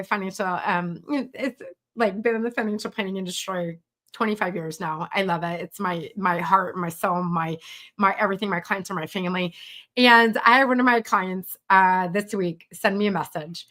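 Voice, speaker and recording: A middle-aged woman talks to her viewers in a loose, chatty live-stream style, full of "um"s and little acted-out quotes. Her voice is bright and forward, and she moves from coaching advice to friendly asides. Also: mid-range voice, normal speed. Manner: chatty and animated, acts out quoted voices, many fillers. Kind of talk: casual live-stream chat.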